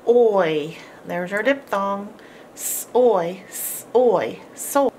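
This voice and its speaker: A woman teaches a homeschool phonics lesson at an extremely slow pace, stretching and repeating each sound. She praises the listener warmly between words. A faint background hiss runs under her voice. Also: mid-range voice, animated.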